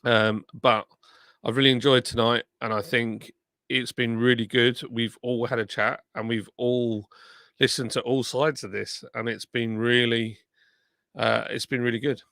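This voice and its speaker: A man's voice: medium pitch, flat delivery, unhurried, gravelly, a bit bright, no echo, clean studio sound. A tired man, streaming live and reading viewer comments aloud in a rambling, self-deprecating, chatty way.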